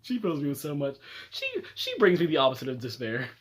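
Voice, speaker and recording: In a brisk voice with a breathy edge, a young video creator reviews his favorite characters in a comedic, casual rant. Laughter and swearing fill his animated delivery, and he gets dramatic with sudden leaps up in pitch.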